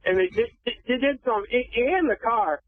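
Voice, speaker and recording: A man's voice: very high voice, moderate pace, dry recording. Stuttering male caller on a tinny phone line. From Boston. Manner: heavy stutter, repeats syllables many times. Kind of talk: phone-in chat.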